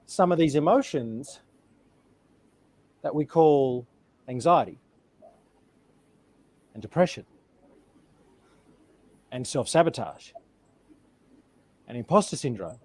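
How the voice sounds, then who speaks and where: A man voicing a helpful young schoolboy who patiently explains feelings in halting words, told over a video call. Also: medium pitch, expressive, a little mellow. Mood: explaining.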